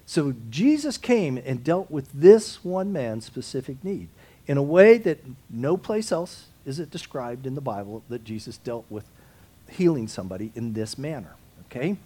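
A man's voice: medium pitch, very animated, moderate pace, dark tone. A man teaching a Bible study, talking through the text conversationally, with restarts and asides and rising to emphatic peaks. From United States.

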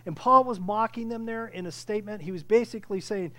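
A man preaching a sermon with impassioned delivery, often restarting phrases and building to loud peaks. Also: high-pitched, fast talker, hardly any pauses. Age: older. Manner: impassioned, rising to near shouting, with frequent restarts. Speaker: pastor.

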